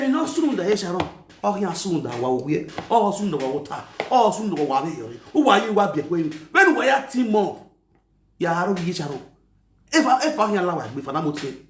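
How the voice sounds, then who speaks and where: A Nigerian man with an Edo accent hosting an online talk show, ranting with insults, mocking chants and shouts. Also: high-pitched, sing-song, moderate pace, roomy sound, a little hiss or hum. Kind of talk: ranting commentary.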